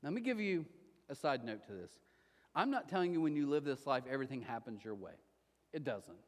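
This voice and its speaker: A man preaching a sermon as pastor, animated and conversational, often acting out quotes. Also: mid-range voice, fairly quick. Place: church auditorium. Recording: long hall reverb.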